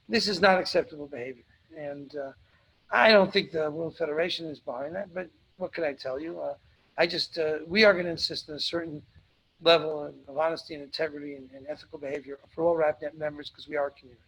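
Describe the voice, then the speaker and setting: A man's voice: on the high side, steady tone, fast talker, fairly bright tone, husky, rough recording. A man hosting a live webinar, answering audience questions in a blunt, emphatic way and repeating points for stress.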